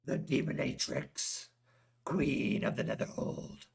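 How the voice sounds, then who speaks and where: A man voicing a grim, vengeful male warrior lieutenant who talks in a low, intense, commanding way. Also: takes it slowly, vocal fry, breathy edge, exaggerated voice. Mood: angry.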